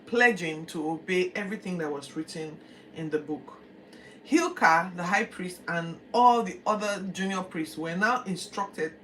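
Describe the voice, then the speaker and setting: A woman, casually retelling a Bible passage as a teacher, with chatty asides. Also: lowish voice. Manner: conversational, animated storytelling with asides. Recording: distant mic, faint background noise.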